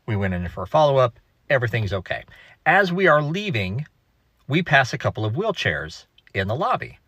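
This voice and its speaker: A man's voice: mid-range voice, big pitch swings, moderate pace, a bit bright, no echo, studio quality. A father telling a short, creepy story about his son in a plain, matter-of-fact way. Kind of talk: casual storytime.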